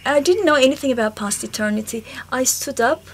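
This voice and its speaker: A woman speaking at a symposium in a concert hall, slowly and haltingly recalling a spiritual encounter in the first person. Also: high-pitched, a little hiss or hum. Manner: slow, halting storytelling with pauses.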